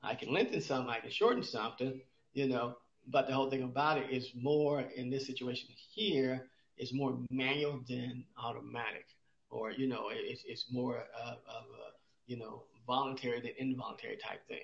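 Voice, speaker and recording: A man's voice: mid-range voice, steady tone, normal speed, vocal fry. A man co-hosting a podcast, explaining exercise in casual chat, asking himself rhetorical questions and restarting often. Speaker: podcast co-host, exercise expert. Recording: roomy, dull lo-fi sound.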